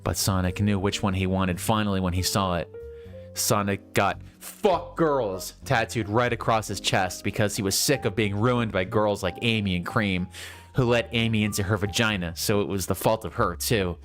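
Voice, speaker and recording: A man reading fan fiction aloud in a deadpan, amused way. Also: lowish voice, normal speed, faint music behind. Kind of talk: comic public reading.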